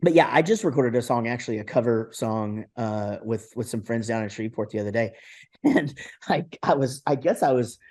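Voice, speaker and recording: A man's voice: medium pitch, expressive, moderate pace, a little mellow. A middle-aged man from Texas, a guest musician, talking in a casual interview, rambling with plenty of fillers and restarts. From Texas, USA.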